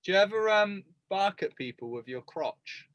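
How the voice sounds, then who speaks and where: A man co-hosting a casual podcast, tossing out deadpan absurd jokes and easy agreement. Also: high-pitched, moderate pace, dry recording. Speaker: podcast co-host. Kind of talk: casual chat.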